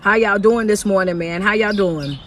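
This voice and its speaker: A woman, a motivational speaker and life coach, giving an energetic live-streamed talk from her car, preaching in call-and-response style. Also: medium pitch, moderate pace, slight background noise. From South Carolina. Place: inside a parked car.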